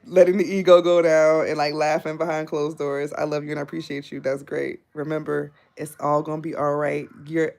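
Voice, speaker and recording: A woman in her thirties giving a live tarot reading, talking bluntly in casual, animated bursts with laughing asides. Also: deep voice, a little fast, creaky, hardly any pauses. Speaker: tarot reader and therapist.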